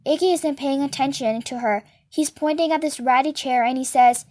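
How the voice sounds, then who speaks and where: A woman's voice: high voice, moderate pace, few pauses, a little mellow. A woman reading a novel aloud and giving each character a voice of her own. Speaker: reader.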